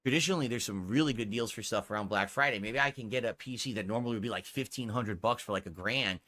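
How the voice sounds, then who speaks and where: A man's voice: on the low side, fast, pushed and bright. A male streamer talking to his viewers, rambling and hedging, pleading for support.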